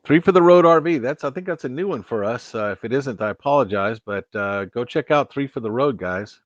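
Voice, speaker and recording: A man's voice: medium pitch, lively intonation, a little fast, dry recording, dull audio. A man chatting casually with viewers while hosting a live stream, rambling and restarting his sentences. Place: home studio at a computer.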